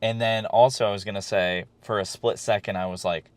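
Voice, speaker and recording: A man's voice: fairly low pitch, fairly even intonation, brisk, no echo. A man co-hosting a podcast, chatting casually and rambling a bit, with fillers and the odd swear. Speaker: podcast co-host. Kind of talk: casual wrestling chat.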